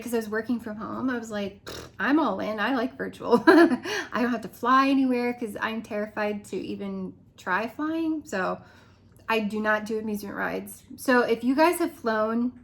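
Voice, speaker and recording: A woman chatting casually to her viewers in a rambling way, laughing often and going off on asides. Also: on the high side. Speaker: direct sales consultant. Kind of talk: casual vlog chat.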